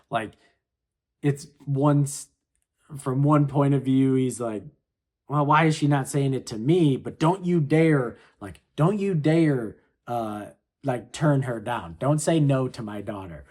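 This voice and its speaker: A man's voice: mid-range voice, a little mellow, husky. A man casually chatting his way through a comic chapter, laid-back and full of slangy filler. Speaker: manga reaction host. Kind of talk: casual chapter read-along commentary.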